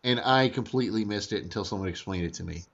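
Stammering excitable young man, lo-fi. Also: fairly low pitch, creaky. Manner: animated, stammering restarts, quick asides. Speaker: podcast host. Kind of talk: casual review chat. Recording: dull lo-fi audio.

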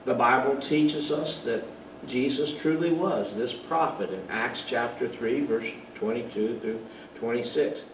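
A man's voice: medium pitch, measured pace, slight background noise. Male pastor, earnest sermon delivery, recorded from a distance in a roomy space with faint ambience. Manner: earnest preaching with rhetorical questions, some slips and asides. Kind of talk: online Bible study sermon.

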